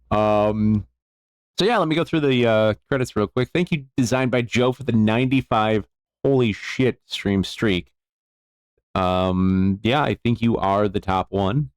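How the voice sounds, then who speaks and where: A man's voice: fairly low pitch, clear, resonant tone, no echo, studio quality. A man chatting casually on a live stream from his jewelry workbench, easygoing and rambling as he thanks viewers. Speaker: jeweler streaming bench work.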